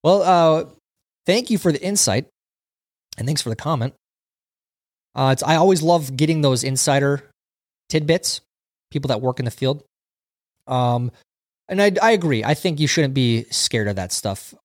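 A man's voice: fairly high pitch, lively intonation, moderate pace, long pauses, no room sound, clean studio sound. A man hosting a casual livestream, reading viewer comments aloud and chatting about them. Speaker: livestream host reading chat. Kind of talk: casual chat.

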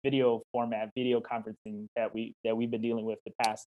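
A man's voice: lowish voice, little pitch movement, fast, phone-quality sound, a little hiss or hum. A man, a certified life coach, answering interview questions in an encouraging, casual way over a video call, often acting out little quoted exchanges. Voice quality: warm, encouraging, talks in questions and quoted dialogue.

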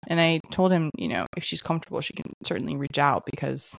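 Low-voiced woman talking in a dry room. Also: very animated, quick pace, creaky, no echo. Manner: candid and reflective, laughs between phrases. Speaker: podcast co-host. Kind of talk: casual chat.

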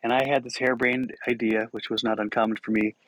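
A man's voice: medium pitch, level tone, fast, fairly bright tone, rough recording. A middle-aged man hosting a podcast, telling self-mocking stories and laughing through them. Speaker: podcast host. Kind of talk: storytelling monologue.

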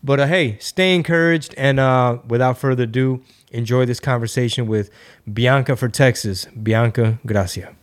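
A man hosting a podcast, talking in a relaxed, chatty way with plenty of fillers. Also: medium pitch, moderate pace. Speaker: podcast host. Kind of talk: casual chat.

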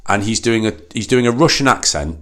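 Lively low-voiced man chatting films. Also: a little fast. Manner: animated, laughs often, stammering restarts. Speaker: podcast co-host. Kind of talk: casual film chat.

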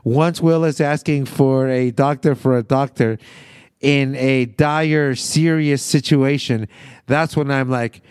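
A man casually recapping a sitcom episode, animated and profane, often laughing and acting out quotes. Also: mid-range voice, takes it slowly, clear, resonant tone, no echo, clean studio sound. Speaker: podcast host recapping a sitcom.

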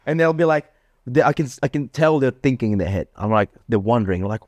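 A man's voice: medium pitch, expressive, fairly quick, a little mellow, dry recording, clean studio sound. A man hosting a casual chat, bragging and acting out his own dialogue in a raised voice. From Australia. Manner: boastful, acts out quoted dialogue in a raised voice. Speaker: podcast host.

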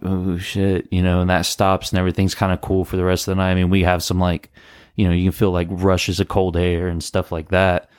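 A man co-hosting a podcast, casually telling a ghost story in a rambling, animated way, full of "like" and "bro". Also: sits low, dry recording. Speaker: podcast co-host.

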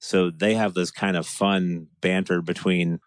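A man's voice: deep voice, little pitch movement, a little slow, dry recording. A man talking in a casual podcast chat, enthusiastic and rambling, with restarts and laughs.

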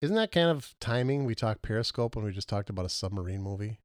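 A man's voice: lowish voice, lively intonation, fast talker, clean tone, no echo, studio quality. Rambling, jokey middle-aged man. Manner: rambling, jokey, stumbles over words. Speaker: podcast co-host. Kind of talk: casual chat.

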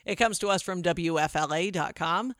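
A woman's voice: lowish voice, normal speed, no echo, studio quality. Wry woman host reading odd news. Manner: wry, deadpan storytelling. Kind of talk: casual podcast chat.

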